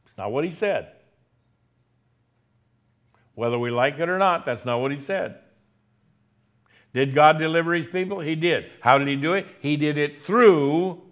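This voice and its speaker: A man preaching a sermon, speaking slowly and deliberately and repeating key phrases for emphasis. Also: fairly high pitch.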